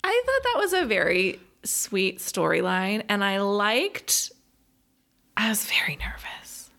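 Podcast co-host, woman, animated and expressive, casual chatty review. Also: mid-range voice, takes it slowly, gravelly. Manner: animated, laughs often, drops into quoted voices. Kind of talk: casual chat reviewing a movie.

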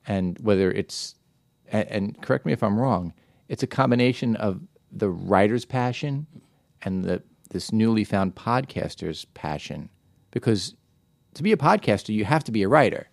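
A man's voice: fairly low pitch, expressive, moderate pace, gravelly, darkish tone, no echo. A man hosting a podcast interview, chatty and joking, speaking close to the microphone. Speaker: podcast host. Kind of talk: casual interview conversation.

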